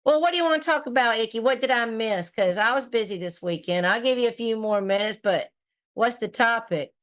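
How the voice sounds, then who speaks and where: A woman hosting a casual livestream reads viewer comments aloud in a fairly high, fairly bright voice at a brisk pace. She reacts bluntly, swears plenty, and laughs often.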